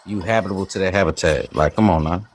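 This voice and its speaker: A man's voice: deep voice, fast, a little hiss or hum. A man on a casual online panel, rambling and profane while he argues his point. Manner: rambling, profane, trash-talking. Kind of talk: heated casual panel debate.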